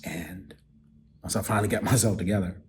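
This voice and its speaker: A deep-voiced podcast host tells a personal, emotional story at a brisk pace, with a little hiss or hum in the audio. He's animated but sometimes drops to soft near-whispers, choked up and close to tears.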